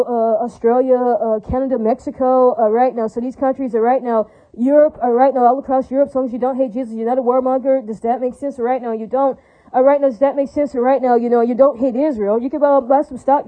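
A woman rattles off a rambling religious rant at a rapid clip, her voice high. She is repetitive, profane and preachy. The sound is narrow and tinny, like a phone call.

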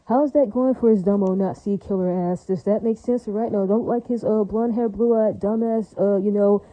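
Speaking at a normal speed in a steady, warm mid-range voice, this woman rambles on to the camera, repeating herself, leaning on fillers and crying out religious exclamations emphatically. There's no room sound, though the audio quality is poor.

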